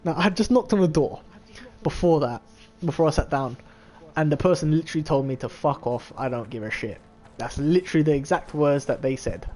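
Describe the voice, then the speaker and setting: A man's voice: a little high, a little fast, warm tone. A man, chatting casually and telling a long story full of swearing and filler words. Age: 20s. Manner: rambling and profane, full of filler "like". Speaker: vlogger.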